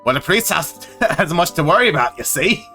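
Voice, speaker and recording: A man's voice: fairly high pitch, very animated, normal speed, sharp tone, soft background music, heavily acted. A man reading as a stammering village priest. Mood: evasive.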